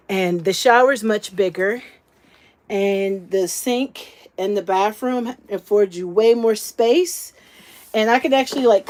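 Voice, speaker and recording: A woman's voice: mid-range voice, darkish tone. A woman, likely a grandmother, giving a casual, homey walkthrough of her small camper while filming as she walks. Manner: chatty, homey, fond of the word little. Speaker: vlogger giving a camper tour.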